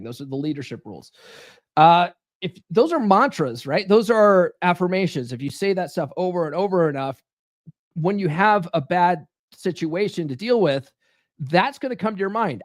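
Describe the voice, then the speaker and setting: A man's voice: on the high side, lively intonation, normal speed, no echo. Dry, casual man hosting a live stream. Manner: casual and profane, peppered with "right?" tag questions.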